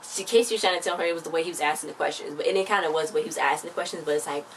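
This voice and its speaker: A low-pitched woman rattles quickly through a chatty, informal recap of a TV episode, acting out bits of each scene as she goes. She sits well back from the mic, with a faint hiss of noise underneath. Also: recorded from a distance, low-quality recording. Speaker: TV episode reviewer.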